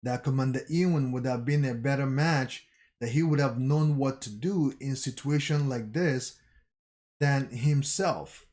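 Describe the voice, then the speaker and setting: A man hosting a channel, retelling a manga chapter in a halting way with restarts. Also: medium pitch, darkish tone. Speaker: channel host. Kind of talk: reading and recapping a manga chapter.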